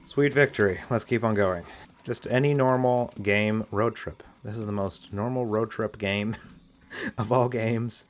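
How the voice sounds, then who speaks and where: A man's voice: on the low side, a little slow, slight background noise. A man giving casual, rambling let's-play commentary in a playful way, often restarting his sentences. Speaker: gameplay commentator.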